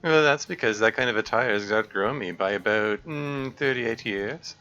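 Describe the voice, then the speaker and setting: A man's voice: mid-range voice, moderate pace, pushed and bright, natural voice. A man voicing a cheeky, dry-witted older man who teases in a raised voice. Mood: teasing. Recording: dull lo-fi mic, faint music.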